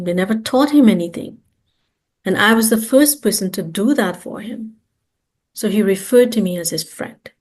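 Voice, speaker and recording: A woman's voice: mid-range voice, darkish tone. A woman guest giving an earnest, emphatic personal testimony and repeating words for stress. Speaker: interview guest.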